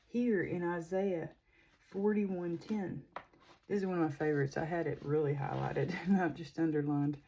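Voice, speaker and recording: A woman's voice: sits low, fairly even intonation, normal speed, vocal fry, warm tone, rough recording. A middle-aged woman, a tarot reader talking casually to viewers in a rambling way, with many fillers. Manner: chatty, rambling, with frequent fillers. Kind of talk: casual spiritual reading to viewers.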